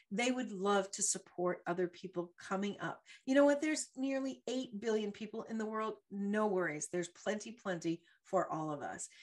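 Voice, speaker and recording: A middle-aged woman hosting a motivational talk show, telling stories animatedly and laughing often. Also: mid-range voice. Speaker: host.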